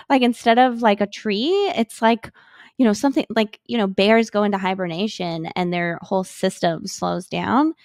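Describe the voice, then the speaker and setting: A woman's voice: medium pitch, no echo, clean studio sound. A woman from the United States, a podcast guest, talking in a chatty, filler-heavy conversational way. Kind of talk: casual conversation.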